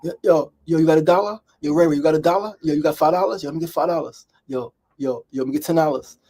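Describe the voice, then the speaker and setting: A man's voice: fairly high pitch, fast, warm tone, slight background noise, lightly acted. A man voicing pushy young street kids who insistently ask for money. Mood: pestering. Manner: insistent, repeated "yo".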